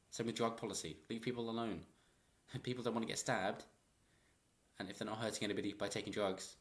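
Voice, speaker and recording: A man giving rambling, opinionated political commentary in a vlog and chuckling often. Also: lowish voice.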